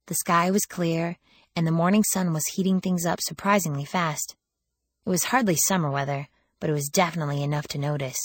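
A woman's voice: low voice, dry recording, studio quality. A woman reading a first-person audiobook in a wry, sardonic storytelling manner, lifting her voice for quoted lines. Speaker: audiobook narrator.

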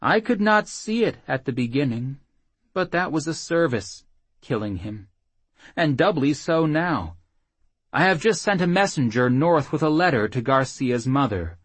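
A man voicing a haughty, cruel male captain in an audiobook, gloating and contemptuous, with a husky voice. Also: fairly high pitch, lively intonation, no room sound, voice pushed up. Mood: smug. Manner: gloating, contemptuous, drawn-out sneers.

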